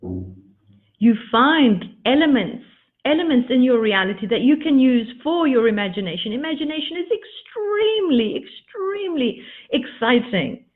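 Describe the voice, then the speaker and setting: A woman giving a motivational teaching talk as a coach, with expressive emphasis and repeated words for effect. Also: sits high, normal speed, few pauses. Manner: addresses listeners as darlings. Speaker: spiritual coach. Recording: tinny phone-like audio.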